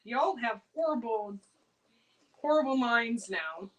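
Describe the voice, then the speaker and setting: A woman's voice: fairly high pitch, expressive, slow pace, fairly bright tone, muffled recording. A woman chatting casually on a cooking livestream, laughing and reacting to viewer comments. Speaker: home canning livestream host.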